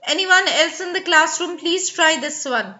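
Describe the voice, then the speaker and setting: A woman's voice: extremely high pitch, moderate pace, bright, forceful tone, lo-fi sound. A woman teaching English pronunciation in a live online class, carefully enunciating sample words and coaxing students by name. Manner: clearly enunciating model words.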